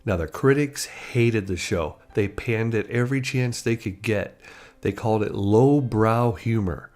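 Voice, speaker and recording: A man's voice: fairly low pitch, a little slow, darkish tone. A man narrating a biography in a chatty storytelling manner. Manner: chatty, acting out quoted lines.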